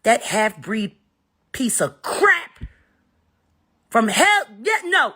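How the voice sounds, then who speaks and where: A middle-aged woman rants live on a stream, cursing freely and cutting into her targets. Her pitch leaps and dips all over the place, sitting a touch higher than most women's. She drops from sharp jabs to tired, low muttering. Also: very animated, extremely slow, pauses often, husky. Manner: profane, cutting, swings between shouting and weary muttering. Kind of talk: heated live rant.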